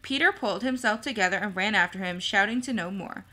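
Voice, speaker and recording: A woman's voice: mid-range voice, pushed and bright. A woman reading a novel aloud at a careful pace, now and then stumbling and correcting herself. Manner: slow, careful, small slips and self-corrections. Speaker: storybook reader.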